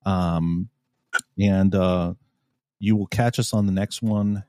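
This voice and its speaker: A man with a low voice hosts a podcast and tells a story in casual chat. He swears freely and acts out the people in it with loud, animated bursts. The sound is dry and close to the mic. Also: slow, no echo. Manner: animated, swears a lot, acts out quotes loudly. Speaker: podcast host.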